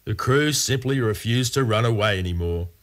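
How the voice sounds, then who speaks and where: A man's voice: fairly low pitch, animated, normal speed. A man narrating a scripted storybook adventure in a playful, wry way.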